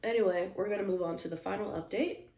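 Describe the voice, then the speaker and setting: A woman's voice: medium pitch, fast. A woman hosting a storytime channel, reading Reddit posts aloud and breaking in with emphatic, slangy asides to viewers. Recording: roomy echo.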